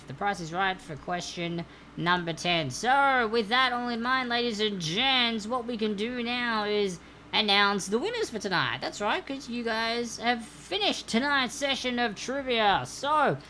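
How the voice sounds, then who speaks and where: A woman's voice: a little high, sharp tone, a little hiss or hum. A woman hosting a live-streamed trivia night, reading out answers in a chatty, upbeat way and greeting viewers by name. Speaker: trivia host.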